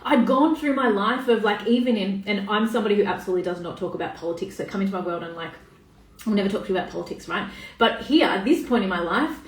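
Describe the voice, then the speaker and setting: A woman's voice: mid-range voice, fast talker. A woman, talking casually on a live stream as a coach, swearing freely and greeting viewers by name. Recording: echoey room, voice a bit far off.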